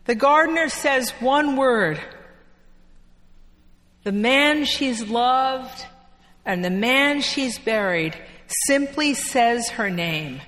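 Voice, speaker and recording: Slow high-voiced woman preaching in a church. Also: lively intonation, fairly bright tone. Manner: unhurried storytelling preaching with dramatic pauses. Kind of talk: sermon. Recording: long echo of a church hall.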